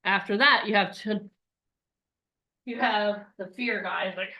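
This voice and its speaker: A woman in her forties, a coach giving a lively live online workshop and acting out voices. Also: mid-range voice, slow, pauses often. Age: 40s.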